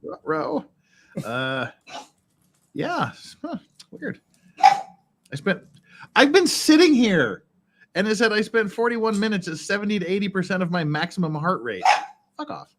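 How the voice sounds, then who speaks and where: A man's voice: high voice, big pitch swings, measured pace, long pauses, noisy background. A man streaming casually as he builds Lego, rambling, joking and swearing to himself. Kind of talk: casual live-stream chat.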